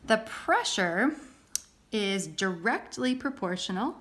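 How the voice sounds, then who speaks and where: A woman's voice: medium pitch, sing-song, takes it slowly, a bit bright. Chatty woman teaching a lesson. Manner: casual, chatty, checks in with "okay?". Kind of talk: recorded classroom lesson.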